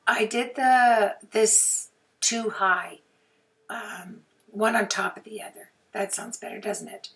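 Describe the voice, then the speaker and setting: A woman with a hoarse, sore throat chatting through a crafting tutorial voice-over, often clearing her throat and apologizing. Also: fairly high pitch, takes it slowly, sharp tone, distant mic. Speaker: card-making crafter.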